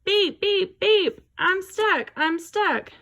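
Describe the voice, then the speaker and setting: A woman voicing a small, eager male truck in a picture-book reading, squeaky and excited. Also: measured pace, creaky, exaggerated voice. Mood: panicked.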